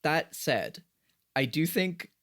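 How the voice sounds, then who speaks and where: A man's voice: fairly high pitch, sing-song, takes it slowly, a bit bright. A man co-hosting a podcast, chatting casually in a rambling way full of fillers. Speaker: podcast co-host.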